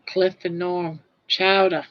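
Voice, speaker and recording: A woman's voice: fairly low pitch, flat delivery, slow, muffled recording. An older woman from Maine with a Down East accent, chatting casually on a livestream from her couch, laughing easily as she answers viewers. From Portland, Maine. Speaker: livestream host. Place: home couch. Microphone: phone.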